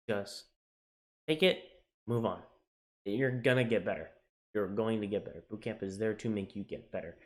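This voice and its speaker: A young man tells his own story in a casual vlog with a lowish voice. He is candid and emotional, drops his voice for heavy moments and lifts it when excited. He swears casually and often starts his sentences over. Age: young adult. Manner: frequent fillers and restarts, casual swearing. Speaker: navy sailor sharing his journey.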